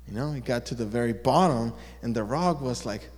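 A man telling a story to listeners in an animated, drawn-out way, asking them questions as he goes. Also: mid-range voice. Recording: long echo of a large hall.

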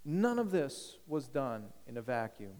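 A man preaching a sermon as pastor, emphatic, swinging from loud declarations to hushed appeals. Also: mid-range voice, sing-song, measured pace, in a large hall.

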